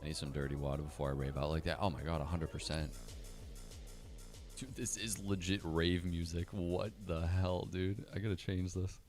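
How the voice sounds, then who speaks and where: A man's voice: low-pitched, steady tone, moderate pace, darkish tone, soft background music. A young man hosting a casual livestream, chatting in a laid-back, profane, slangy way and answering live chat comments. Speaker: livestream host.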